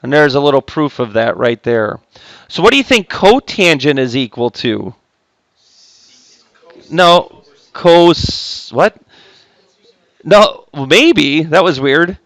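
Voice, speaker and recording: A very animated high school math teacher takes his math class slowly, leaving long pauses and joking with students between steps. His voice is a little high and a bit bright, and this recorded classroom lesson has no echo.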